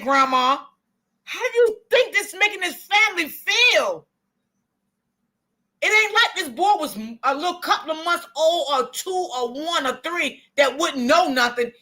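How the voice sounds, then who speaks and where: High bright-voiced profane woman streamer. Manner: blunt, profane, outspoken, talks to chat as y'all. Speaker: live stream host reading chat. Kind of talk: casual live stream commentary.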